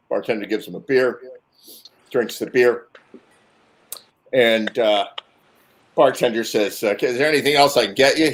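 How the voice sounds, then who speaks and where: A man's voice: mid-range voice, slight background noise, rough recording. Rambling man telling a joke. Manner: rambling storyteller, filler-heavy. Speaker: show host. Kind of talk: telling a joke among friends.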